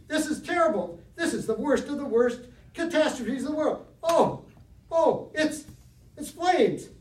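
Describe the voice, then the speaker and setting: A man's voice: extremely high pitch, voice pushed up. A man performing a horrified 1930s radio reporter who stammers and chokes up while describing a disaster. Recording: roomy hall from far off.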